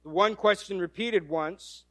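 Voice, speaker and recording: A man's voice: sits high, a little slow, a bit bright, dry recording. A male preacher giving a sermon, telling the story animatedly and acting out quoted voices, with frequent restarts.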